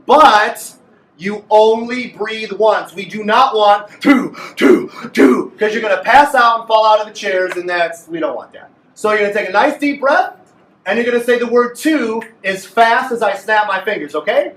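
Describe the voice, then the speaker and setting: Man, very high voice, playful clarinet teacher, coaching a class, echoey room, distant mic. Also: normal speed, a bit bright, slight background noise. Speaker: music teacher. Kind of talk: group clarinet lesson.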